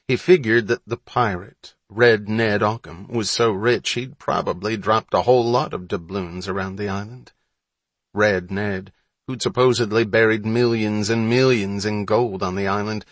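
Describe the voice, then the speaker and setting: A man reading a storybook aloud as an audiobook narrator, in steady, measured scripted narration. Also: lowish voice, no echo.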